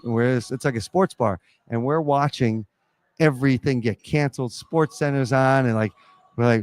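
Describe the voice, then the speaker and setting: A man who coaches college basketball, telling lively stories in a live podcast interview at a pizza restaurant. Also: medium pitch, fairly quick, dry recording. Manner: animated storyteller acting out quotes.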